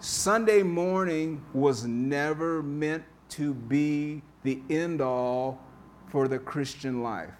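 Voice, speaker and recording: A man preaches a sermon at an unhurried pace, talking to the congregation in a casual, conversational way. He repeats key phrases to drive them home. Faint room ambience sits behind him in the church. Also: a little high, slight background noise. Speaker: pastor. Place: church sanctuary.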